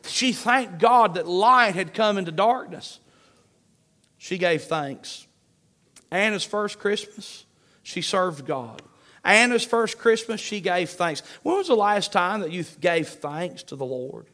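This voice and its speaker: A man's voice: high-pitched, animated, takes it slowly, pushed and bright. A man pastor preaching a sermon with an emphatic, repetitive cadence, reading scripture aloud.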